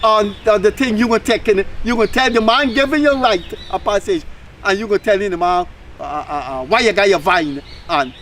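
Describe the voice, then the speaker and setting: A man's voice: sits high, fairly quick, fairly bright tone, a little hiss or hum, poor audio. A man with a Guyanese accent hosting a talk show, giving opinionated, emphatic commentary with mocking asides.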